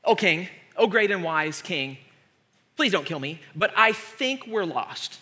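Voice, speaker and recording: A man's voice: sits high, expressive, unhurried, pushed and bright, full character voice. A man voicing a fearful servant who fawns over his king, in a sermon. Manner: fawning, fearful. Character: timid grovelling male royal servant.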